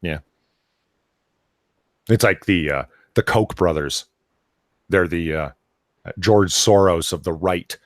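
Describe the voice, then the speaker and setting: Really low-voiced guy hosting a comics stream, rambly, dry close sound. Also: slow, long pauses, no room sound. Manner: nerdy, rambling, many fillers. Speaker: podcast host. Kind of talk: casual livestream chat.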